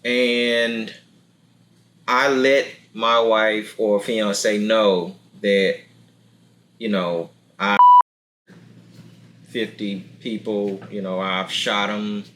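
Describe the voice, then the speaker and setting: A man's voice: extremely slow, long pauses, background noise. A man hosting a podcast in casual chat, talking animatedly and acting out quotes. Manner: animated, acts out quotes in a deep voice, laughs often. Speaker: podcast host.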